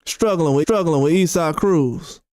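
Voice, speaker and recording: A man's voice: on the high side, normal speed, darkish tone, no room sound, studio quality. A man hosting boxing commentary, talking heatedly and repeating rhetorical questions.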